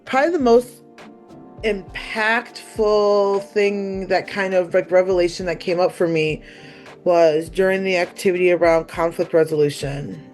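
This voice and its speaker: A woman giving an earnest personal testimonial, halting and full of "like" and "you know", close to tears. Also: fairly low pitch, darkish tone. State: emotional, near tears. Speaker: retreat participant giving a testimonial.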